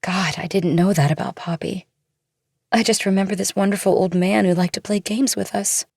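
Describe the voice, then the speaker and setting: A woman playing a caring, sorrowful young woman in an audiobook drama, pleading softly and earnestly. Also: mid-range voice, fairly even intonation, normal speed, vocal fry, breathy edge, no room sound, clean studio sound.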